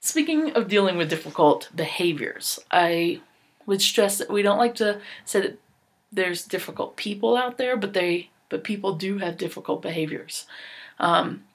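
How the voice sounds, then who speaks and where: A woman's voice: medium pitch, animated, normal speed. A woman presenting a training session for volunteers, earnest and instructive, with a few fillers and restarts.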